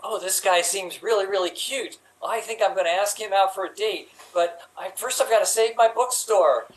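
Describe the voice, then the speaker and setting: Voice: mid-range voice, normal speed, low-quality recording. An improv performer playing through a romantic comedy scene, rambling and playful.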